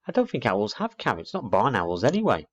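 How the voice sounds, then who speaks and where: A man's voice: on the low side, huge pitch swings, a little fast, pitched above the performer's own voice. A man voicing an anxious, eager young boy barn owl in a storybook reading, dull lo-fi recording. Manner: eager, chattery, a little boastful.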